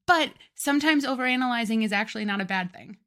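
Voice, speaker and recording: Bright-voiced young woman telling stories. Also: fairly high pitch, quick pace. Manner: animated storyteller, acts out quoted friends. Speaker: podcast co-host. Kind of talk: casual chat.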